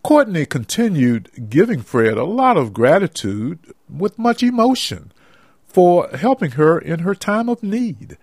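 A man's voice: fairly high pitch, very animated, a little slow, a little mellow, no echo, studio quality. A man giving scripted narration for an amateur audio drama, in a plain storytelling manner.

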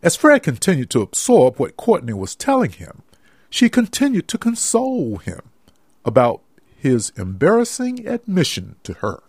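A man's voice: a little high, huge pitch swings, normal speed, a little mellow, husky, no echo, studio quality. A man giving scripted narration for an amateur audio drama, in a plain storytelling manner.

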